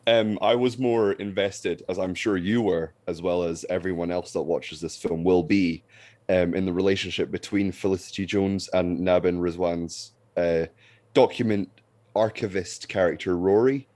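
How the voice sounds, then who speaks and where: Deadpan male film reviewer, very low voice, dark tone, dry close sound. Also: normal speed, no room sound. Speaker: podcast co-host, film reviewer. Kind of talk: casual film review chat.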